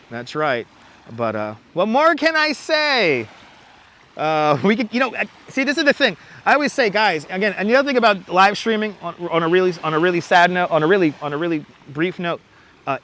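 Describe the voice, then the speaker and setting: A chatty man hosts a casual livestream outdoors by the water at night, rambling easily between thoughts and answering viewers in the chat. His voice is bright and fairly high for a man, picked up close on a clip-on wireless mic. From New York City. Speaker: livestream host.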